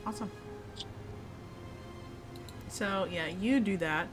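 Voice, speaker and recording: A woman's voice: medium pitch, slow pace. A woman narrating as game master of a tabletop game, casual and hesitant, with many fillers. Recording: music playing behind.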